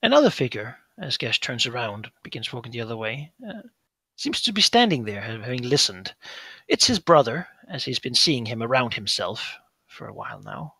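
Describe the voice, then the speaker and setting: Man quietly narrating a tabletop game. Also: big pitch swings, normal speed, breathy edge, no room sound, low-quality recording. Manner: quiet, low-key descriptive narration. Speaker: game master.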